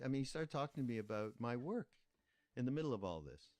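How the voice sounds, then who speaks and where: An older man hosting a podcast, telling a story in a reflective, meandering way with pauses and restarts. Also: mid-range voice, sing-song, darkish tone, no echo. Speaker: podcast host. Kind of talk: casual spoken storytelling.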